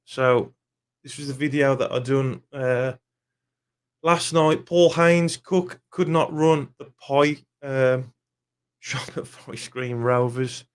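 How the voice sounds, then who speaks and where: A man's voice: mid-range voice, takes it slowly, clean tone. A young man, ranting angrily and swearing bluntly in a football fan vlog. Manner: angry, swears often, blunt.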